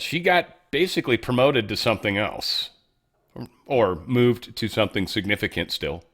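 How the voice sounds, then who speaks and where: A man with a fairly low voice hosts his own commentary show. He rambles casually, jumps between points and throws in asides to his viewers. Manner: animated, rambling, fond of asides. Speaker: show host.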